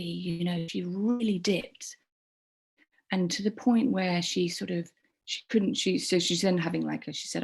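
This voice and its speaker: Woman, middle-aged, husky, gravelly, halting rambling storytelling. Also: on the low side. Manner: halting, rambling, with many restarts and soft whispered asides. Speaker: community group member. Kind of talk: personal storytelling.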